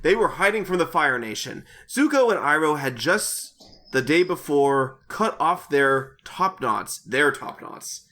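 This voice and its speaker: A man's voice: fairly high pitch, expressive, unhurried, bright, forceful tone. A man co-hosting a comedy podcast, reading fanfiction aloud with wry, laughing asides.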